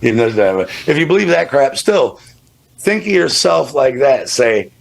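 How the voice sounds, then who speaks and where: Gravelly-voiced male guest, casual and emphatic, swears a lot, mid-range pitch. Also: very animated, a little slow. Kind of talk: casual radio chat.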